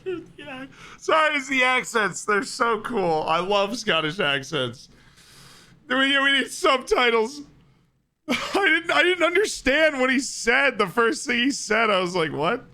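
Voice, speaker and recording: A man streaming a football management game, chatting to his viewers in an excitable way and laughing often. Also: very high-pitched, measured pace. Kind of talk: casual live-stream chat.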